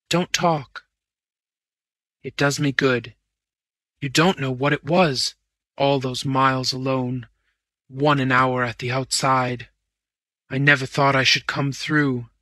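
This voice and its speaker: A man voicing a wounded, exhausted male bank manager who speaks in weak, halting phrases. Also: mid-range voice, pushed and bright, no echo. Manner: faint, halting, slow phrases. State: weak and breathless.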